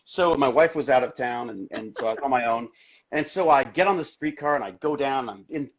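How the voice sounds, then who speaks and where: A middle-aged man, an actor guest in a casual interview, telling stories in an excitable, rambling way full of restarts. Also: medium pitch, a little fast, dull audio. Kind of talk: casual video-call interview.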